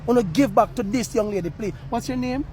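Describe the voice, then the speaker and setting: A man's voice: extremely high pitch, brisk, a little mellow. A Jamaican man reporting outdoors on a university campus, earnestly pleading with viewers and slipping into patois. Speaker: street reporter. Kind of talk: on-the-spot appeal to viewers.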